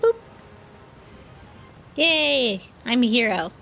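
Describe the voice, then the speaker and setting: A woman streaming a game live, playful and jokey, reacting excitably as she plays. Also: fairly high pitch, a little slow, faint music behind. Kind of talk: live game stream, reading dialogue aloud.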